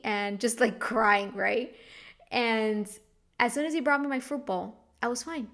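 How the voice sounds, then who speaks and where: A woman's voice: mid-range voice, steady tone, moderate pace, a bit bright. Chatty young woman, rambling and confessional. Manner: rambling, repeats words and restarts often; open, confessional. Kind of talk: casual personal storytelling.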